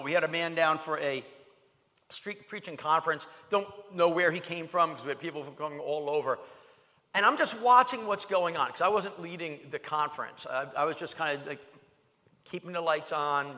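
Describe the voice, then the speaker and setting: A man preaching a sermon as pastor, emphatic and animated, repeating phrases for weight. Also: fairly high pitch, long reverb tail.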